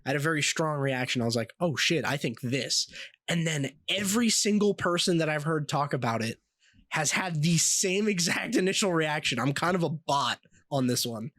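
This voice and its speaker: A young man co-hosting a podcast, telling stories in a casual, animated way with plenty of swearing and laughter. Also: on the high side, a little fast, no echo. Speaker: podcast co-host.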